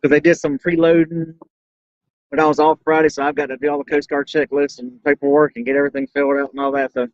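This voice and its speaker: A man from South Georgia with a Southern accent, chatting casually to viewers on his trucker live stream, folksy and quick to laugh. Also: fairly high pitch, flat delivery, no room sound, dull audio. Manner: folksy, says y'all a lot, laughs easily. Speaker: trucker livestream host.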